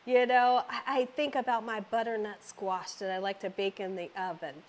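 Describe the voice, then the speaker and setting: A woman's voice: medium pitch, steady tone, moderate pace. A middle-aged woman hosting her home cooking channel, chatting exuberantly and speaking straight to her viewers. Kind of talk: casual cooking vlog chat.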